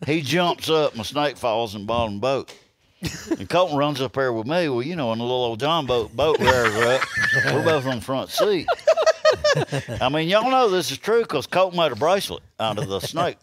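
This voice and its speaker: A man's voice: mid-range voice, normal speed, background noise. A middle-aged man from Alabama with a Southern accent, telling a hunting story in casual podcast talk and acting out the quoted lines. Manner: lively yarn-spinner who acts out quoted lines. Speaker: podcast guest.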